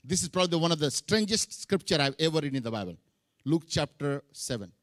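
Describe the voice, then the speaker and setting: Man, middle-aged, pastor, sermon, bright tense voice, swinging pitch. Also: a little fast, dry recording, studio quality. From India. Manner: animated preaching mixing English with Hindi phrases.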